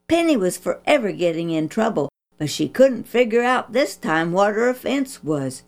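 A woman reading a Christian children's story aloud with an expressive, preachy manner. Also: medium pitch, moderate pace, hardly any pauses.

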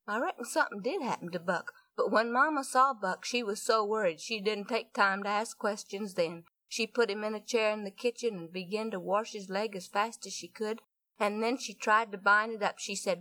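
A woman's voice: mid-range voice, normal speed, sharp tone. A woman telling a folksy story in a chatty way, with many asides to her listeners.

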